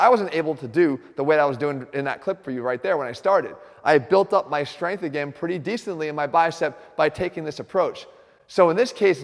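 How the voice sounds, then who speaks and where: Energetic male fitness coach, echoey gym. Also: on the high side, gravelly. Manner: direct, energetic, talks straight to viewers. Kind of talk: instructional fitness video. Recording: reverberant gym room.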